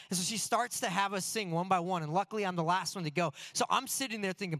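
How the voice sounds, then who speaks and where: High-voiced earnest male preacher. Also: fast, few pauses. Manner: earnest, animated, self-deprecating. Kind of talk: sermon with personal storytelling.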